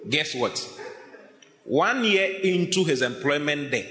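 A man preaching a sermon as pastor, animated and laughing often, acting out the voices of people he quotes. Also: on the high side, takes it slowly. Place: church hall. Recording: echoey hall reverb.

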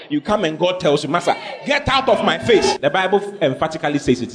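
A man preaching a lively sermon as pastor to a congregation, acting out scenes and questioning listeners directly. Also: sits high. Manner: animated preaching, acting out God in a dramatic skit. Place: church hall with congregation.

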